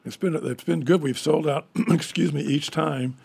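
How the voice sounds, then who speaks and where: A man's voice: on the high side, normal speed, gravelly, darkish tone, a little hiss or hum. A man with a frog in his throat, chatting casually as a guest on a radio interview, rambling with wry, self-deprecating humor. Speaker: event organizer guest.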